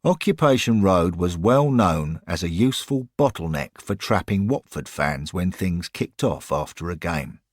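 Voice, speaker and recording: A man narrating a scripted audio story in a measured way. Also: sits low, no room sound, studio quality.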